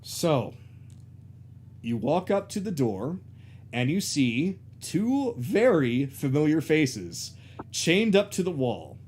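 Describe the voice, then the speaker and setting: A man narrating a tabletop game as game master, halting and full of fillers. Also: fairly high pitch, very animated, a little mellow, a little hiss or hum.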